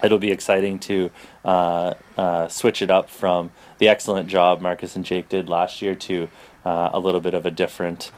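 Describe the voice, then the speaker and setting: Laid-back Canadian man, low voice. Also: little pitch movement, normal speed. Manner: laid-back, self-deprecating, many fillers. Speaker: podcast co-host. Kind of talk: casual chat.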